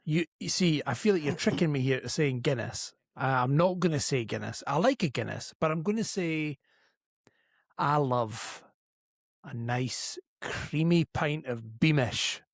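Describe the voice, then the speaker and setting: A man's voice: a little high, expressive, unhurried, gravelly, dry recording, studio quality. A Scottish man from Scotland, co-hosting a casual podcast chat, blunt, joking and a bit sweary. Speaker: podcast co-host.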